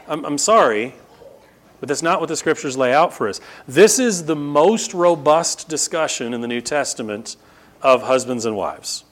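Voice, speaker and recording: A man's voice: expressive, unhurried. A middle-aged male pastor preaching a sermon. He teaches the congregation emphatically and repeats words for stress. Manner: emphatic, rises to sharp high bursts and repeats "no, no, no"; teaching, explains Greek grammar to the congregation.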